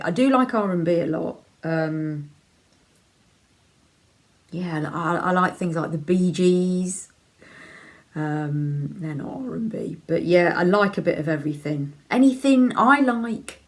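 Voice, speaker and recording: Chatty low-voiced Leicester woman. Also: a little mellow. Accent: Leicester English. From England (Leicester). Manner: chatty, frank, laughs easily, many ums. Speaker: vlogger answering viewer questions. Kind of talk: casual chat.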